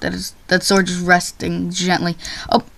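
A young woman commenting on her own gameplay, excitable and quick to yelp and shriek when things go wrong. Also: on the low side, gravelly. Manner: excitable, yelps and shrieks at failures. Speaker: gaming YouTuber.

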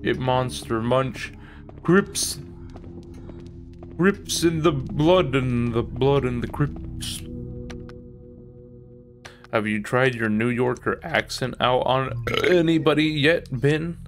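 Slow-talking, swearing male game streamer. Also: mid-range voice, faint music behind. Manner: profane, swears freely; reads on-screen game text aloud. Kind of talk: live gameplay commentary.

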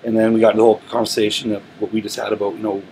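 A male musician talks very fast in a lowish voice during a laid-back studio interview, wandering through stories and restarting them frequently. The low-quality recording has a little hiss or hum.

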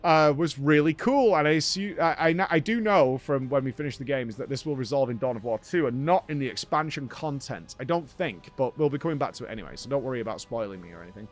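A man's voice: mid-range voice, animated, fast talker, few pauses, faint music behind. A man hosting a gaming show, recapping a game in a rambling, enthusiastic way.

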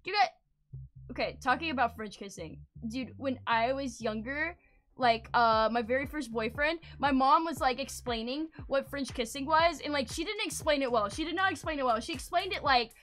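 A woman livestreamer telling rambling, animated stories in casual chat, filling her talk with fillers and greeting viewers as she goes. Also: sits high, normal speed.

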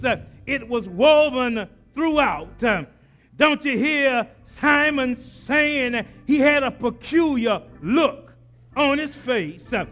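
A man preaching a sermon in a rhythmic, repetitive style with frequent "uh" fillers, building to shouted climaxes. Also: very high voice.

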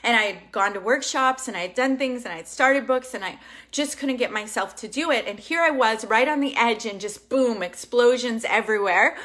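A young woman hosting an online manifesting workshop, talking in an emphatic, excitable and casual way, swearing now and then. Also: on the high side, brisk. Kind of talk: live online workshop teaching.

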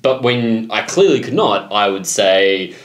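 A young man with an Australian accent, co-hosting a casual reaction show and telling stories in a playful, animated way. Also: fairly low pitch, a little slow. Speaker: reaction channel co-host. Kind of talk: casual banter. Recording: echoey room.

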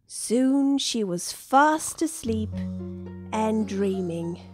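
Lively slow woman storyteller. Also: fairly high pitch. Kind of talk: children's story narration. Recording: dry studio with soft music.

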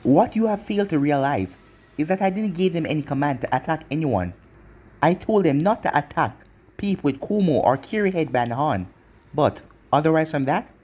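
A man's voice: fairly high pitch, animated, moderate pace, darkish tone, slightly rough. A man doing a cold, menacing young ninja hero. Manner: cold, threatening.

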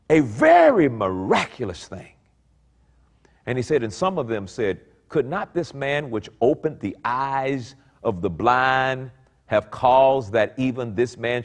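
Reading passages of scripture and reflecting on them, a middle-aged pastor preaches in a slightly rough male voice that veers between quiet murmuring and high-pitched exclamation.

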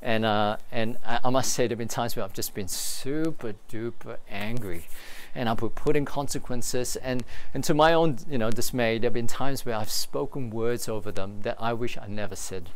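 A man's voice: medium pitch, moderate pace, hardly any pauses. Earnest pastor man preaching. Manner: earnest, confessional, with rhetorical questions. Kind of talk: sermon.

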